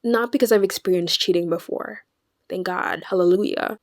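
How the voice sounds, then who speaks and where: A young woman vlogger chatting casually, animated and dramatic, often stammering and restarting her sentences. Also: on the low side, moderate pace, no room sound, clean studio sound. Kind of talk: casual chat.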